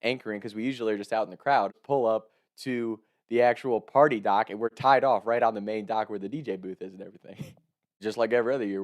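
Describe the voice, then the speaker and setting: Laughing young man telling a party story. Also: fairly low pitch. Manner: animated, laughing often, swearing. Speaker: content creator telling a story. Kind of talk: casual storytelling to camera.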